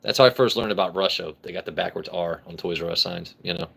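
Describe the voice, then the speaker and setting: A man's voice: deep voice, quick pace, creaky, a bit bright, breathy edge. A man hosting a casual live stream, reading comments aloud, joking brashly and swearing freely. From United States. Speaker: livestream host.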